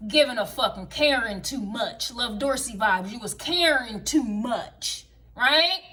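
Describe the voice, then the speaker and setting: A woman's voice: a little high, expressive, a little slow, pushed and bright. Blunt, profane woman giving a tarot reading. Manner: blunt, profane, sing-song repetitive chanting. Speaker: tarot and astrology reader. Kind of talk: casual collective tarot reading.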